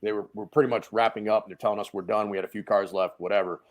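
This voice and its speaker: A man's voice: fairly low pitch, fast talker. A man guest casually telling a story on a podcast, acting out the voices of the people in it. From Connecticut. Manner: animated anecdote teller who acts out the people in his stories.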